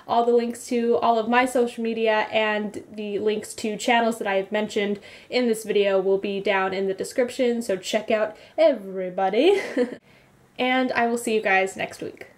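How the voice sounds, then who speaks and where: Young woman rambling on her vlog, lots of giggles, medium pitch. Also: moderate pace. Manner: rambly, giggly, animated retelling. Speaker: beauty vlogger. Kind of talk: casual vlog recap.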